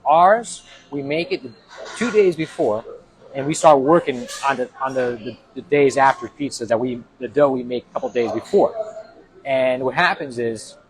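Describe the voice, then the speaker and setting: A man's voice: medium pitch, animated, moderate pace, slight background noise, low-quality recording. A restaurant owner from Italy giving a casual interview, explaining his food with lots of fillers and restarts. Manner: explanatory, hesitant with many fillers.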